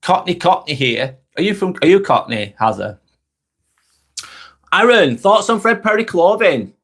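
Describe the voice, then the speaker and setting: A man's voice: high-pitched, sing-song, a little slow, a bit bright. An English man, middle-aged, hosting a live vlog, chatting casually with viewers, rambling and repeating himself and swearing freely. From England. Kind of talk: casual live-stream chat.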